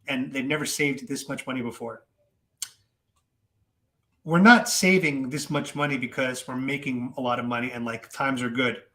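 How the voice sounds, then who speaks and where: Man, casual political commentary, chatty, repeats himself, fairly high voice, echoey room. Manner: animated, talks to viewers, many fillers and repeats.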